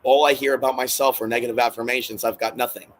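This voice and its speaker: A man's voice: medium pitch, little pitch movement, fast talker, a little hiss or hum, low-quality recording. A man talking alone to his camera in a rambling vlog monologue, agitated and emotional, repeating himself and swearing, sounding distressed and hurt. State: distressed and hurting. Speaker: channel host.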